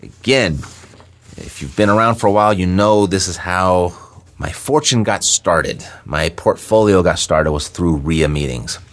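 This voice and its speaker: A man explaining real estate investing in a relaxed teaching talk, often checking in with "right?". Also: low voice, unhurried. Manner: conversational, checks in with "right?" often, some fillers.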